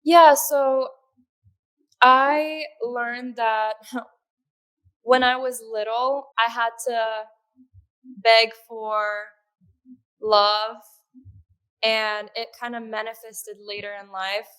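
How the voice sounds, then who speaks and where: A woman speaking as a podcast guest in an earnest, conversational way, with soft laughs and fillers. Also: on the high side, fairly even intonation, very slow, long pauses, clean tone. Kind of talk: conversational interview.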